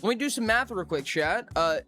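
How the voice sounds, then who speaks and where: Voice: mid-range voice, animated, fairly quick, pushed and bright, faint music behind. A live streamer chatting casually with viewers, bubbly and rambling, often joking at their own expense. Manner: bubbly, rambling, self-mocking.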